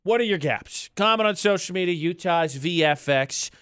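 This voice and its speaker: High-voiced, joking man on morning radio. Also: expressive, normal speed, a bit bright, clear, resonant tone, no room sound, clean studio sound. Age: 30s. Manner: jokey, rambling, playfully indignant. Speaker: radio morning show co-host. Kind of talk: casual morning radio banter.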